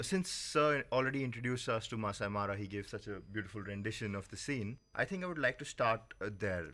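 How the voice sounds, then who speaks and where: A man's voice: mid-range voice, sharp tone. A man from India, a studio guest on community radio, explaining a topic thoughtfully with occasional fillers.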